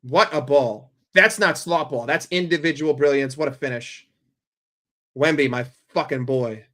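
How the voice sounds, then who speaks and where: A man streaming a football watchalong, calling the play for his chat in a blunt, profane, excitable way. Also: medium pitch, moderate pace. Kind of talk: live play-by-play commentary for a chat.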